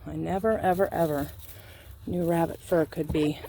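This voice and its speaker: Homestead rabbit keeper talking thru a how-to, chatty, lots of ums, mid pitch, bit of faint noise behind. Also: fairly even intonation, moderate pace, creaky, dark tone. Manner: chatty and explanatory, with plenty of ums and uhs. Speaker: small farm owner raising rabbits. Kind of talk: casual how-to demonstration.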